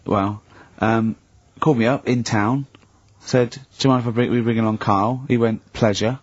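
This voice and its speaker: A man's voice: medium pitch, moderate pace, no echo, lo-fi sound. Joking man hosting a radio show. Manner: joking, teasing, animated storytelling. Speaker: radio host. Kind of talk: casual radio chat. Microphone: studio microphone.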